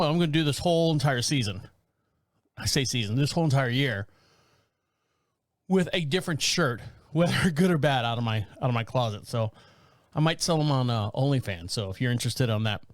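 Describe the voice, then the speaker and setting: A man in his fifties with a mid-range voice hosts a podcast from a small rural town, rambling casually through comedic stories. He's animated, laughs often, and acts out voices, and the recording has no room sound.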